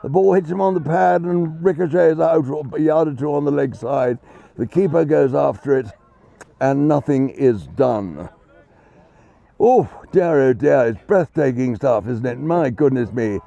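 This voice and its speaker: A man's voice: mid-range voice, normal speed, vocal fry, mellow. A man giving chatty, self-deprecating live ball-by-ball cricket commentary. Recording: dull lo-fi sound.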